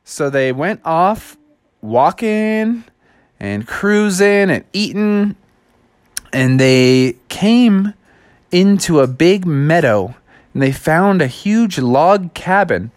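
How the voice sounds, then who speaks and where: A man narrating a children's read-along storybook in a relaxed, slangy manner. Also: sits high, takes it slowly, no room sound.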